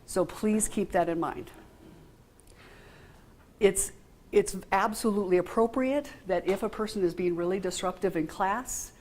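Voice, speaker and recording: A woman's voice: mid-range voice, unhurried, pauses often, a little mellow. A woman giving an informal training talk to a group, frank and conversational, often asking the room questions. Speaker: workshop trainer.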